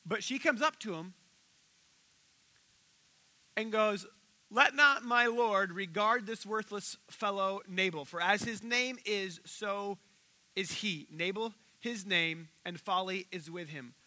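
A man preaching a sermon as pastor, telling stories with animated acted-out voices and leading an altar call. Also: high voice, takes it slowly, poor audio. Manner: animated storytelling, acting out quoted voices.

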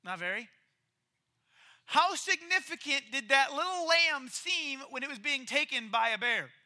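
A man preaching a casual, story-driven sermon in a lively, conversational way. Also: very high voice, a little slow. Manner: lively, conversational, acts out quoted characters.

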